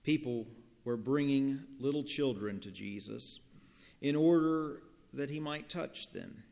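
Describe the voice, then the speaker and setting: Slow, gravelly-voiced male pastor. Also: mid-range voice, a little mellow. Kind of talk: sermon with scripture reading and storytelling. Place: church. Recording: long church reverb.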